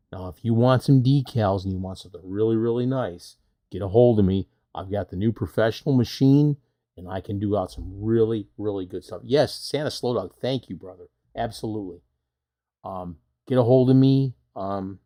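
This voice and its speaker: A man's voice: on the low side, a little mellow. A middle-aged man hosting a casual live stream, chatting in a folksy way and reading out viewer questions.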